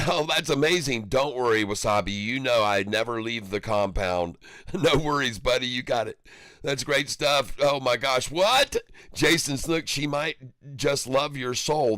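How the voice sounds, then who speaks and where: A man's voice: mid-range voice, a bit bright, no room sound. Jovial male livestream host, dry close sound, easy banter reading viewer comments. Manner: jovial, laughs often, upbeat banter with viewers. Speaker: stock market livestream host.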